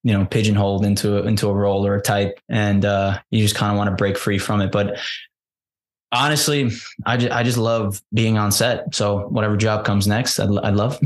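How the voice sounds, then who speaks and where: A man being interviewed as an actor, chatting casually in an animated, self-deprecating way, with frequent laughs and restarts. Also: lowish voice, normal speed. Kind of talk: casual chat.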